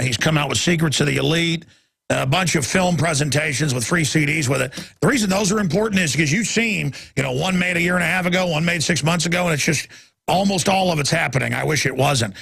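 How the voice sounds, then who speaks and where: A gravelly man with a rough, husky voice hosts a talk radio show. He talks forcefully and rambles, restarting his sentences often. The sound is close and dry. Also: on the high side, no echo.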